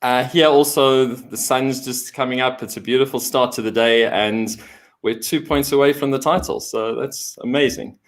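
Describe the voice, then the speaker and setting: A man's voice: medium pitch, steady tone, moderate pace. A man from Africa, a guest speaking enthusiastically and politely. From South Africa. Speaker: guest fan. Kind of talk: casual interview chat.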